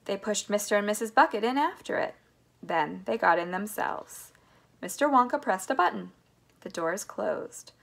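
A woman reading a children's novel aloud in an expressive, animated storytelling manner. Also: mid-range voice, normal speed, vocal fry. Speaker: reader.

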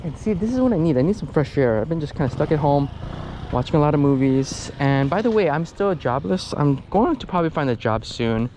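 Man on a bike, mellow voice, loose filler-heavy chatter, slightly winded, faint traffic behind. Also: fairly high pitch, lively intonation, a little fast. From United States. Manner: rambling, many fillers and restarts. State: out of breath. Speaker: vlogger. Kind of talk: casual chat while cycling. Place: outdoors on city streets, riding a bicycle.

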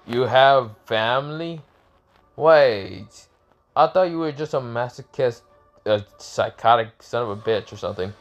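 A man's voice: medium pitch, measured pace, lo-fi sound, faint music behind, close to an everyday voice. A man voicing a blunt, irritable male death god who talks in an offhand, profane way in a casually told fan story.

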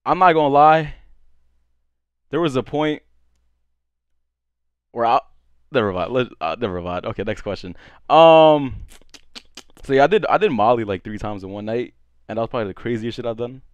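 A man's voice: mid-range voice, moderate pace, long pauses, clean tone, no echo, dull audio. A young man, drunk, chatting casually on a streamed dating show, rambling and stuttering with lots of slang. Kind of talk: casual chat.

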